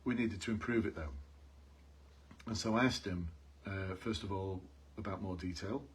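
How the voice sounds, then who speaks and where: Husky low-voiced man coaching viewers live. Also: normal speed. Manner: earnest, repeats key points, calls out to viewers. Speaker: police interview coach. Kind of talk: live-streamed coaching talk.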